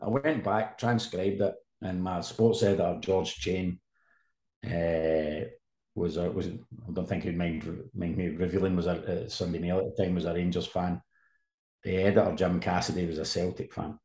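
A man in his fifties, a sports journalist guest, telling animated anecdotes in casual conversation. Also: deep voice, moderate pace. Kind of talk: casual storytelling. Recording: roomy echo.

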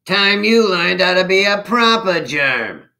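A stern storybook nurse snarls her orders, put on by a man reading aloud. The voice is gravelly and bright-edged, and she drags each word out slowly and sharply. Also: high voice, expressive, voice pushed up, exaggerated voice. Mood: snappish. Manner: snarling, slow and clipped. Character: stern bossy female nurse, snappish.

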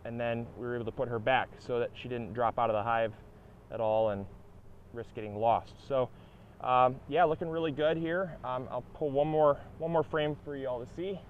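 A young man hosting a gardening channel, talking casually outdoors at his beehive, relaxed and upbeat with many fillers and restarts. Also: mid-range voice, normal speed, phone-quality sound, slight background noise. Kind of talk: casual outdoor how-to vlog.

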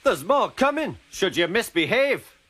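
A hot-tempered Scottish engine with a raised, sharp, scolding voice, put on by a man. It swings widely in pitch and speaks slowly over music. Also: big pitch swings, husky, full character voice. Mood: angry. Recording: music playing behind.

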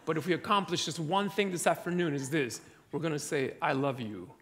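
A man's voice: on the high side, fairly quick, fairly bright tone. A man giving a sermon, telling funny stories to an audience that laughs along. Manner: humorous storytelling, audience laughing. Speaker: preacher.

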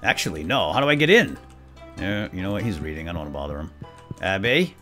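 A young man narrating his farming-game session in a loose, goofy way, with his voice leaping from squeaky highs to low mutters. His pitch swings wildly while he chatters, with soft background music. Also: sing-song, fast talker. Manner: playful, goofy, jumps between squeaky voices and mumbles. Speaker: let's play host. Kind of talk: casual gameplay commentary.

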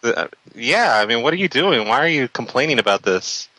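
A man's voice: mid-range voice, very animated, fairly quick, bright, forceful tone, dry recording, low-quality recording. A man posing as a phone agent, dismissive and mocking toward the caller.

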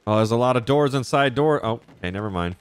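A man's voice: mid-range voice, animated, smooth. A young man chatting casually and swearing freely while playing through a crime roleplay game. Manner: loose, swearing, quick reactions. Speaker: roleplay streamer. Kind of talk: casual in-character game chat.

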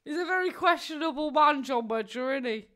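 A woman, a live streamer chatting casually and mocking her subject. Her voice sits a little high, and she laughs often and swears without a second thought. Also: lively intonation, a little fast, a bit bright.

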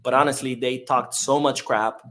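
A man's voice: medium pitch, fairly even intonation, normal speed, a bit bright. A man hosting a casual live-stream podcast, reading chat comments in a loose, chatty way with many fillers.

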